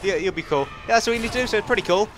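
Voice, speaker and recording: A young Englishman with a high, light voice rattles through his game commentary at speed. He rambles, laughs a lot and gets excitable, with a faint hum of noise behind him at home. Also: very fast. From England. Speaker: gaming commentator. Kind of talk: casual gameplay commentary.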